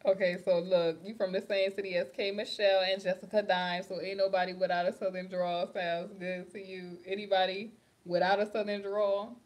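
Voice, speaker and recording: Animated New York woman chatting live. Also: mid-range voice, a little fast. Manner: animated, laughs often, slangy. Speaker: livestream host. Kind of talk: casual livestream chat reading comments.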